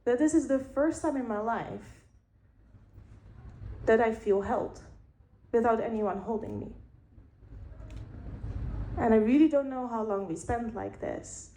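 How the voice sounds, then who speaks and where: Slow, frank woman storyteller. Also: fairly high pitch, expressive, mellow, a little hiss or hum. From Netherlands. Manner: frank, candid and wry, with slow pauses for effect. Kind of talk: personal storytelling. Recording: roomy echo.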